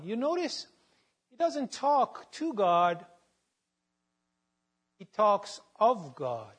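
A man giving a devotional Bible teaching, reading out verses with their references in a measured way. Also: high voice, a bit bright.

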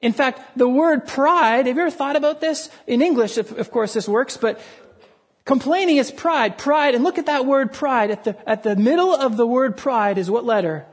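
A man's voice: extremely high pitch, normal speed, slightly rough. A man preaching a sermon in an earnest way, often repeating words for emphasis. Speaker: pastor.

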